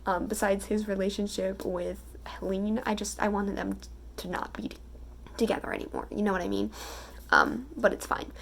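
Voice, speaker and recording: A young woman of eighteen reads passages aloud, then chats about them in a loose, gushing way, full of fillers and little giggles. Her voice sits at an ordinary middle pitch with a noticeable creaky fry running through it. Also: big pitch swings, normal speed, a little hiss or hum. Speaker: book vlogger. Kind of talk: casual reading vlog, reading passages aloud.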